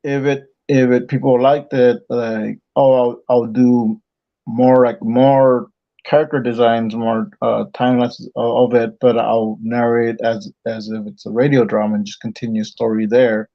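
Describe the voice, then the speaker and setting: A man calling in to a livestream who chats casually and haltingly about his comic project. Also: mid-range voice, flat delivery, gravelly, muffled recording. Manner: halting, many fillers and restarts. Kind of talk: casual chat on a call.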